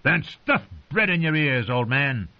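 A man's voice: mid-range voice, sing-song, a little slow, pitched above the performer's own voice. Man voicing a sneering club-footed ranger. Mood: insolent. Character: insolent club-footed male ranger, sullen. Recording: dull lo-fi audio.

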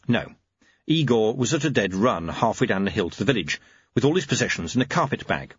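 A man narrating a story in a wry, expressive way, in a dull lo-fi audiobook recording. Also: fairly low pitch, a little fast, slightly rough, no echo. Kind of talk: scripted narration.

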